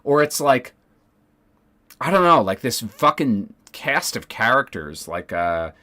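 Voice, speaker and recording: A man's voice: medium pitch, sing-song, slow pace, sharp tone. A man streaming casually, ranting sarcastically with lots of swearing, fillers and restarts. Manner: profane, sarcastic, rambling with many fillers.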